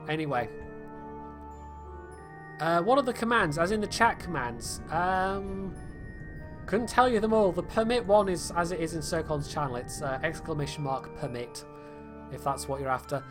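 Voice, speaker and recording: A man's voice: on the high side, moderate pace, over music. A British man casually talking through a game on a livestream, rambling with lots of fillers and wry, self-deprecating jokes. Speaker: game streamer. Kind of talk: casual livestream gameplay commentary.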